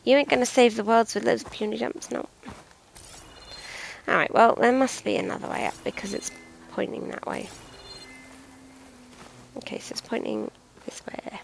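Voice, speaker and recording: Streaming a video game, this woman from Britain talks in a fairly high, gravelly voice at a normal pace, rambling cheerfully and frequently poking fun at herself. The low-quality recording carries a little background noise.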